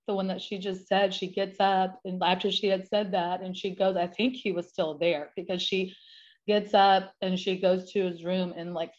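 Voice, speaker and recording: A woman's voice: medium pitch, darkish tone. A woman speaking as an interview guest, candid and emotional, telling her account in loose, rambling sentences. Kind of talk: personal testimony. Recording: dull lo-fi sound.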